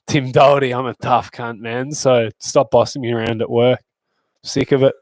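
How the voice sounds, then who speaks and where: A man's voice: medium pitch, fairly even intonation, normal speed, darkish tone, dry recording. A young adult man with an Australian accent, a fighter guest chatting casually on a podcast, swearing a lot and bragging in jest. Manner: crude, swearing, boastful joking.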